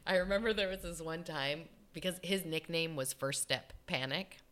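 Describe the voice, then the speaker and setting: A woman's voice: low voice, normal speed. A young woman chatting casually, telling stories and acting out the lines of people in them. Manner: animated storyteller, acts out quoted lines. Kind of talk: casual chat.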